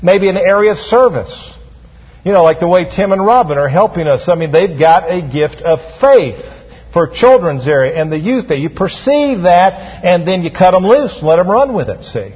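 A male pastor preaches a sermon, calling on his congregation to repeat his words back. His voice is fairly high and a little husky. The sound is dull and rings with a long church-hall echo. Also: animated, moderate pace. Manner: preaching with call-and-response to the congregation. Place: church sanctuary.

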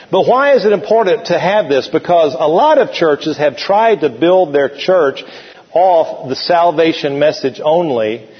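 A man preaching in a church sanctuary, his voice slightly high and a little husky. His delivery is folksy and animated, and he leads the congregation in call-and-response. The lo-fi recording carries a long hall reverb. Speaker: pastor. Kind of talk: sermon.

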